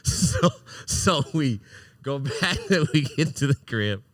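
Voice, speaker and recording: A man hosting a podcast, telling a wild personal story in a casual, animated, profane way, often breaking into laughter. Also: a little high, slow, dry recording. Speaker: podcast host.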